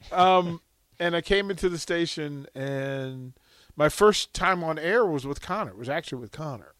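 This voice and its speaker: This middle-aged radio host has a fairly high, slightly bright voice that's clear and resonant, and he speaks at a measured pace. Chatting casually on air, he wanders through stories and laughs often, recorded on a studio microphone in a radio studio with no echo.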